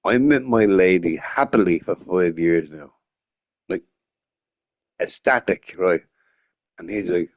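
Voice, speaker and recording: A man's voice: low-pitched, slow, pauses often. A drunk man rambling and joking crudely while streaming a game. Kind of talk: casual stream chat.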